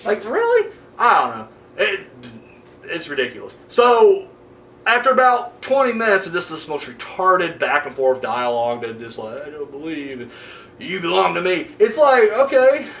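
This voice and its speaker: A man ranting casually and profanely in a movie review, swinging between loud outbursts and mumbling. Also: high voice, wildly swooping pitch, normal speed, roomy sound, distant mic, a little hiss or hum.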